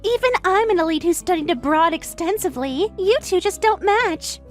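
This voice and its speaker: A woman's voice: very high-pitched, animated, normal speed. A woman voicing an arrogant, condescending young sister-in-law in a dramatized text-message story, with a sneering, mocking manner. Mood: scornful. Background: faint music.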